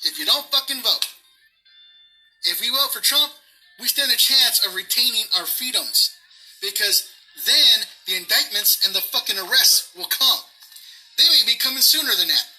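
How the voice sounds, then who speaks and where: A furious man rants with a very high, piercing voice, swearing heavily and hammering his points home through repetition. Faint music hangs behind him. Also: lively intonation, normal speed, pushed and bright, poor audio. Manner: heavy swearing, emphatic and repetitive. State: pissed off. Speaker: vlogger. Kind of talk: angry political rant. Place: outdoors near grass.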